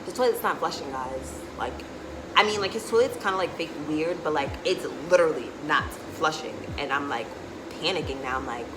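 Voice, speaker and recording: A woman's voice: sits low, lively intonation, normal speed, pauses often, heavy background noise. A young woman telling a candid storytime in a chatty, casual way, often saying "like" and swearing freely. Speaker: vlogger. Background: background music.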